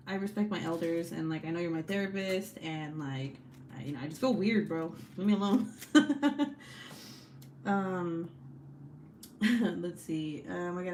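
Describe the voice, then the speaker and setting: A woman's voice: on the low side, a little mellow, slight background noise. A young woman hosting a casual livestream, chatting and laughing often as she reads the chat aloud, swearing freely. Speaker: livestream host.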